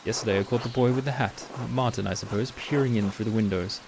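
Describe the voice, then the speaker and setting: A man voicing a polite male servant of a baron, who speaks in a measured, formal and deferential way as he reads game dialogue aloud. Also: on the low side, lightly acted. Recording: steady rain noise behind.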